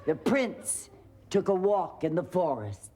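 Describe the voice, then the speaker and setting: Slow, animated old storyteller woman. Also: lowish voice, husky. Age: older. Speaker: grandmother. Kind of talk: sitcom bedtime storytelling. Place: sitcom studio set with live audience. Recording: studio audience laughter and noise.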